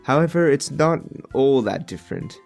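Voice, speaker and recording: A man with an Australian accent telling a humorous animated story in an expressive, jokey way that bursts into exasperated rants. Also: mid-range voice, moderate pace, creaky, faint music behind.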